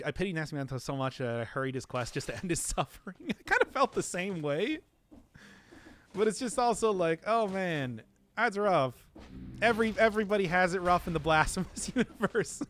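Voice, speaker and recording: Man, Midwestern accent, high voice, bouncy animated pitch, giggly rambling stream chat, faint game music behind. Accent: Midwestern American. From American Midwest. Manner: rambling, giggly, laughs often. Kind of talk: live gameplay commentary, casual chat.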